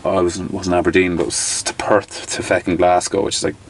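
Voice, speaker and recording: This Irish-accented guest, a man in his thirties, talks a little fast in a low voice, with slight background noise. He's animated in the casual interview, telling stories with restarts and the occasional swear word.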